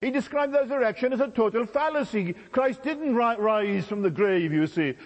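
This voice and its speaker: British-born preacher guy, sermon, big pitch swings, echoey hall. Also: animated, moderate pace, few pauses, highs cut off. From Britain. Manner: emphatic, with sweeping pitch swings.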